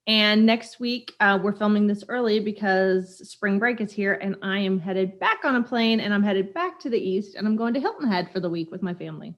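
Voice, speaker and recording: A woman from Kansas City hosting a podcast in casual chat, upbeat and quick to laugh. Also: medium pitch, lo-fi sound. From Kansas City, USA. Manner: upbeat, chatty, laughs easily. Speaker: podcast host.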